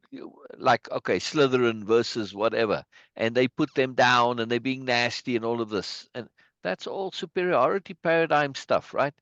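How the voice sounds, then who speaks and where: A man's voice: mid-range voice, fairly bright tone, no room sound. A man hosting a casual video-call chat, speaking emphatically and laughing often. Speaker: host. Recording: dull lo-fi video call audio.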